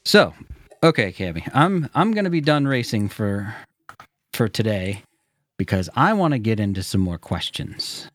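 Low-voiced American man hosting a podcast. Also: sing-song, a little slow. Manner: chatty, easygoing, enthusiastic. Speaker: podcast host. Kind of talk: casual podcast chat. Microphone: studio microphone.

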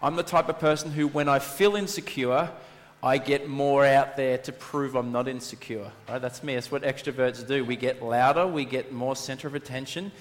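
A man's voice: mid-range voice, moderate pace. A married male pastor preaching a sermon, telling stories animatedly and acting out voices. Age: adult, married. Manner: animated storyteller, acts out voices, repetition for emphasis. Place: church hall. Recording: long reverb of a church hall.

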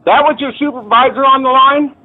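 A man's voice: very high voice, brisk. A man on a phone call, angry and swearing, threatening to take action over a complaint. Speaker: angry caller.

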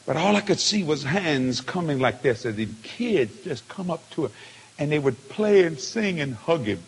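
A man preaching a testimony sermon, telling it with feeling and swinging from hushed tones to shouts. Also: fairly high pitch, sing-song, moderate pace, creaky, slight background noise. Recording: long hall reverb.

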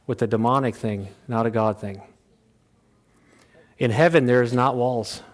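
A pastor preaching in a folksy, conversational way. He pushes his voice up high and loud to drive a point home, then drops to a low, quiet tone for asides. His voice sits at a middle pitch for a man. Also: fairly even intonation, measured pace. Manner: folksy, plain-spoken preaching. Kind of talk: sermon.

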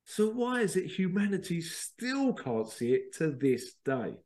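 A man's voice: high-pitched, very animated, unhurried, darkish tone. A man hosting a podcast, talking in a rambling, digressive monologue and mocking other people in put-on voices. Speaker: podcast host. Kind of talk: casual spoken monologue.

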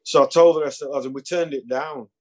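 A man spins stories from his band days in a relaxed interview. He chuckles as he goes and slips into the voices of the people he quotes. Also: on the high side, fast. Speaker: musician guest. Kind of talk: casual storytelling interview.

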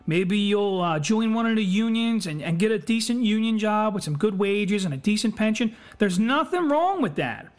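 A man hosting a podcast, talking in a candid personal monologue, blunt, earnest and full of swearing. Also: high voice. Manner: blunt and heavily profane; impassioned, earnest. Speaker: podcast host.

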